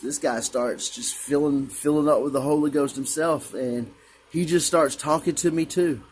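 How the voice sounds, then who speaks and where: There's slight background noise as a man with a fairly high pitch and fairly even intonation speaks at normal speed. A vlogger, he earnestly describes a personal religious experience in an emotional testimony, wandering and repeating himself.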